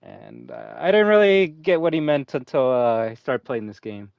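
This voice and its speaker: Lively, swearing male game streamer. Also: medium pitch, moderate pace, vocal fry, clear, resonant tone, dry recording, dull audio. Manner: rambling, swears freely, nerdy asides. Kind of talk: casual gameplay commentary.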